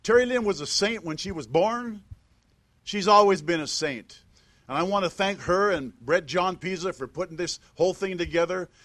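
Older man with a high voice, giving a eulogy. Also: lively intonation, moderate pace, a bit bright. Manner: emphatic, with rhetorical questions. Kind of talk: memorial speech. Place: memorial service in a church.

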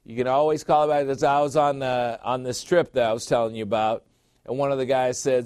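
A middle-aged pastor preaches a sermon emphatically, repeating phrases and putting questions to his listeners. His mid-range voice is a little mellow, clear, and resonant, with fairly even intonation and a slightly fast pace. The studio-quality audio has no room sound.

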